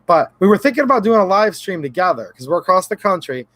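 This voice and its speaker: A slightly high-voiced man hosts a relaxed livestream, rambling and joking as he greets viewers from chat. The sound is dry and close, with no room echo. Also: fast talker. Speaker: gun channel livestream host. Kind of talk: casual livestream chat reading chat names.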